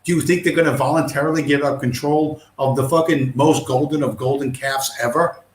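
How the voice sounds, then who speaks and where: A man's voice: a little high, fairly even intonation, a little fast. Ranting male streamer, profane, scornful, combative, roomy echoey room. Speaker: livestream host. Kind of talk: ranting livestream monologue. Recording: roomy echo.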